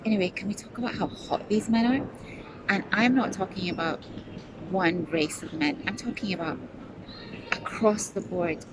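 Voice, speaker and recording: A middle-aged British woman, a travel vlogger, chats casually to her phone camera, rambling and talking to herself between laughs. She speaks at medium pitch and normal speed, in a noisy outdoor recording with traffic.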